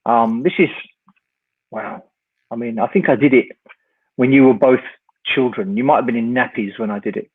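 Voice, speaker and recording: Wry older raconteur on a tinny call. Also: male voice, medium pitch, normal speed, pauses often, husky. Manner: lively raconteur, wry, acts out the dialogue. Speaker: guest, rock singer. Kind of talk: storytelling anecdote in an interview. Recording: tinny phone-like line.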